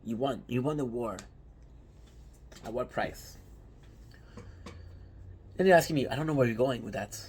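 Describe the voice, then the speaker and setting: A man's voice: medium pitch, moderate pace, long pauses, darkish tone, a little hiss or hum. A man chatting casually and emphatically to viewers, often throwing in rhetorical questions. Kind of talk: casual anime talk to viewers.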